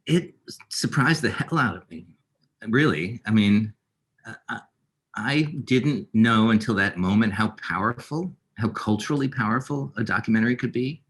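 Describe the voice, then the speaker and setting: A man's voice: fairly low pitch, animated, moderate pace, a bit bright, slightly rough. A middle-aged man, a filmmaker being interviewed, speaking reflectively with many fillers and restarts. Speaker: filmmaker guest.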